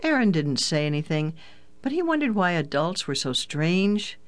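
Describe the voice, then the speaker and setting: An audiobook narrator reading a children's adventure story in a clear, even storytelling manner. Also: medium pitch, normal speed.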